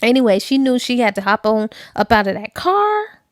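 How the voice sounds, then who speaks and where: A woman retells a novel in a casual, animated way, full of slang. Her voice is fairly high, and the recording is dry and close. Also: normal speed, no echo. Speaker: book reviewer. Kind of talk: casual book review recap.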